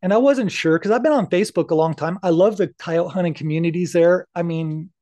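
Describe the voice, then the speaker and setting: High-voiced earnest middle-aged man. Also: brisk, mellow. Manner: earnest, candid, swears casually. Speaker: podcast guest. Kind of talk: casual interview talk.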